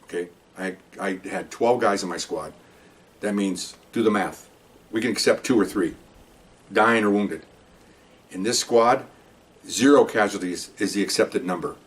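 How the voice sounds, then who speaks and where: A man's voice: on the low side, unhurried, pauses often, recorded from a distance. An older man, a retired police supervisor, telling his own stories in a podcast, acting out dialogue and tossing in rhetorical questions. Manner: animated storyteller who acts out dialogue and asks rhetorical questions. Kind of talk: podcast storytelling.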